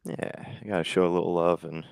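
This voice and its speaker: Very deep, gravelly man, casual trading host. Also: a little fast, no echo. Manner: relaxed, conversational, lots of fillers. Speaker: day trading show host. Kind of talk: casual live trading chat.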